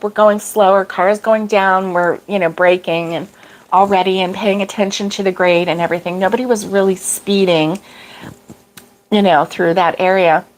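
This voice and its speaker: A middle-aged woman hosting a casual livestream, rambling through a story with fillers and laughs, fighting off allergy sneezes. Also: mid-range voice. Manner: rambling, chatty, laughs often, greets viewers by name. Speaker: crochet livestream host. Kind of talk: casual chat.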